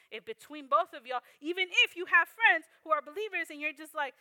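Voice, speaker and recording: A woman's voice: high-pitched, fast talker, hardly any pauses, bright, forceful tone, no room sound. A young woman teaching a Bible lesson in an earnest, conversational way, often checking in with "right?". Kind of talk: sermon.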